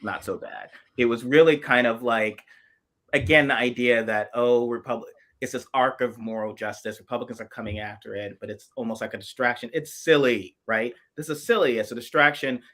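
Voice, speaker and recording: A middle-of-the-range male voice, neither high nor low, talking politics with real heat. He is from South Carolina, in his forties, and keeps breaking off and restarting as he pushes his point on a remote video chat. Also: fairly quick, a bit bright. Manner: emphatic and impassioned, many restarts. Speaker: podcast co-host.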